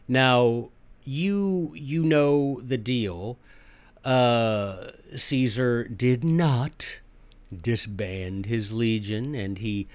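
A man's voice: medium pitch, extremely slow, darkish tone, no room sound. Folksy man teaching history. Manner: folksy, joking, conversational. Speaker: history podcast host. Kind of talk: casual history lecture.

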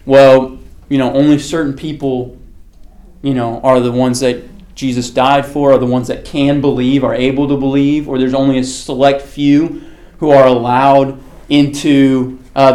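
A man's voice: medium pitch, little pitch movement, measured pace, darkish tone. Male Bible study teacher, casual and conversational, asks questions of the class, lots of filler words. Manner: frequent fillers like "okay" and "like".

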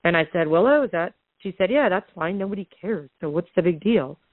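A woman's voice: on the low side, brisk, dry recording. Chatty woman guest, mid-range voice, acts out the dialogue, dry phone-line sound. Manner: animated retelling that acts out quoted dialogue. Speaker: podcast guest, real estate investor. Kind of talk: casual storytelling.

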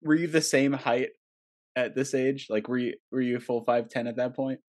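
A woman hosting a podcast, asking relaxed questions and giggling along with her guest. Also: rumbling low, moderate pace. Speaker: podcast host. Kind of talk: casual podcast interview.

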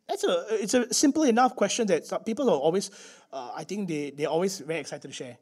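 A middle-aged man with a Singaporean English accent, preaching a chatty, lively sermon full of "okay?" asides. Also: fairly high pitch, a little fast, few pauses.

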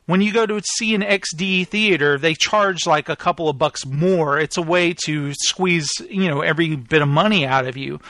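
A man in his thirties hosts a live podcast and tells a story in a loose, animated monologue. His voice sits high and sounds bright. He acts out both sides of each conversation. The recording is dry and close. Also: moderate pace, no room sound. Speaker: podcast host.

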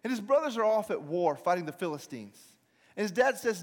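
A man preaching a sermon, telling the story in a casual, animated way with joking asides. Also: high voice, a little fast. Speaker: pastor. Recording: reverberant large hall.

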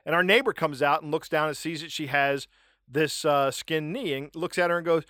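A middle-aged man hosting a comedy podcast, ranting wryly and telling animated anecdotes. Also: a little high, fairly quick, no room sound, clean studio sound. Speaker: podcast host. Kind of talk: casual comedic podcast chat and storytelling.

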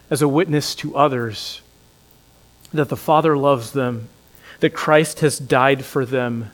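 A middle-aged man preaching an earnest sermon as a pastor, laughing at his own jokes and ending softly in prayer. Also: a little high.

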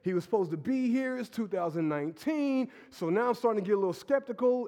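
High-voiced sick pastor preaching casually. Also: male voice, fast, few pauses, long reverb tail. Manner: casual, energetic preaching with fillers and laughs. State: sick with a stuffy nose. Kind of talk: sermon. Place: church sanctuary.

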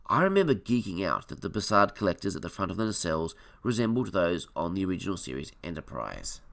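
A man's voice: sits low, gravelly. A man giving casual, enthusiastic fan commentary on a film, with opinionated asides. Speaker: film reviewer.

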